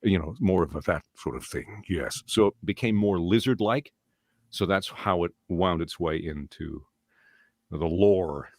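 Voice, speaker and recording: Guy doing voice work chatting as a guest, lowish voice, dry sound, hops into silly voices. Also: a little slow, no room sound. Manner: animated storyteller, slips into character voices. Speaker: voice actor guest. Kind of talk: casual interview.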